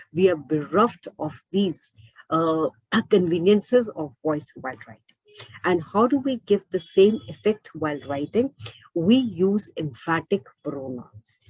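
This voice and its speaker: Lowish, husky-voiced woman teaching grammar. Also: darkish tone, dry recording, poor audio. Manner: repeats and rephrases points, asks rhetorical questions. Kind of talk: explaining lesson.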